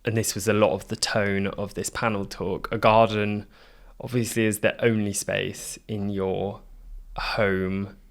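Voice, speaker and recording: A man's voice: lowish voice, flat delivery, unhurried. A man co-hosting a design podcast, chatting casually with many fillers. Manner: chatty, filler-heavy with frequent "like". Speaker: podcast co-host. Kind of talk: casual chat.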